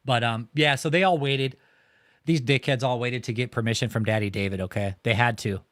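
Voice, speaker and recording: A man's voice: mid-range voice, fairly even intonation, brisk, fairly bright tone. A man livestreaming outdoors by a road, talking casually in a blunt, profane, mocking way.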